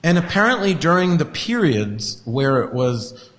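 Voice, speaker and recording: A man's voice: fairly high pitch, big pitch swings, unhurried, fairly bright tone, long reverb tail. A man hosting a casual podcast chat, ranting in a profane, sarcastic way. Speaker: host.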